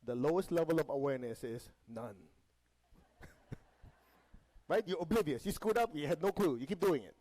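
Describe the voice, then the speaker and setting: A man's voice: on the high side, expressive, normal speed, pauses often, a little mellow, poor audio. A man teaching a spiritual lesson to a live group. He often checks in with the audience, has them repeat phrases after him, and slips in light jokes. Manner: light joking asides. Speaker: meditation teacher.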